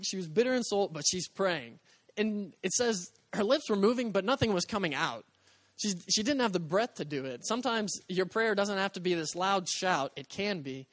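A man's voice: high-pitched, a bit bright, no room sound. A young adult male pastor preaching in an earnest, conversational way, acting out quoted voices as he goes. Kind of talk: sermon.

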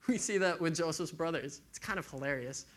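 A man's voice: fairly high pitch, normal speed, a bit bright. A man giving a casual, conversational sermon to a young group, acting out quotes as he tells a story.

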